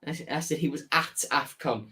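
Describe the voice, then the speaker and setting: Hosting a casual football stream for his fan channel, a young Hull man chats away and reads out messages from viewers, often self-correcting. His Yorkshire-accented voice is a little high, a little fast, and pushed and bright.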